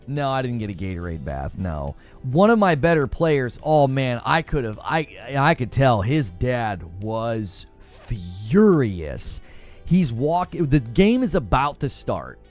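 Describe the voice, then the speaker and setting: Animated man telling a story. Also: mid-range voice. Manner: animated storyteller, acts out quotes. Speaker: podcast host and youth soccer coach. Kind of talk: casual chat.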